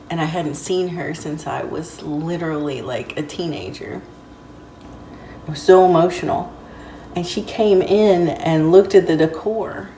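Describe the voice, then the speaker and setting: A woman's voice: lowish voice, dark tone, a little hiss or hum. A woman telling personal stories in a casual vlog, rambling and heartfelt, with many fillers. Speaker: vlogger. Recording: roomy, distant mic, faint ambience.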